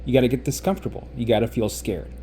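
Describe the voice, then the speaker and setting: A man talks viewers through exposure practice in an easy, animated vlog manner. His voice is warm and mellow, and he keeps a conversational pace. A faint hiss of ambient noise sits behind him. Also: mid-range voice, rapid-fire. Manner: animated, acts out the anxious walk then explains. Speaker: coach demonstrating exposure practice. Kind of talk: casual instructional vlog. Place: out and about, then in a car.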